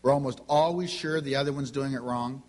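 A man's voice: mid-range voice, fairly even intonation, a little fast, a little mellow. A middle-aged man preaching a sermon, telling folksy family anecdotes and acting out the dialogue. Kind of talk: sermon with storytelling.

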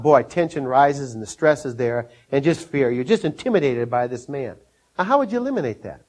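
An older man from Minnesota, USA, preaches a sermon full of folksy stories, chuckling often and acting out scenes in a raised voice. His voice is medium-pitched and a little mellow.

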